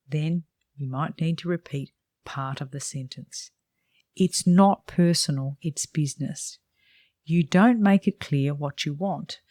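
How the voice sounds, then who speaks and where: A woman's voice: sits low, warm tone, no echo, clean studio sound. A woman salon coach reading her own book aloud, giving direct and emphatic advice. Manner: direct, emphatic, plain-spoken.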